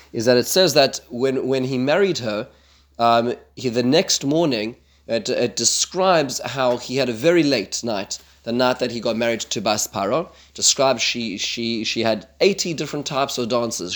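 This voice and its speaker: Man, middle pitch, casual Torah lesson, stop-start speech, lively when quoting. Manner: halting, many fillers and restarts, grows animated when quoting. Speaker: Torah teacher.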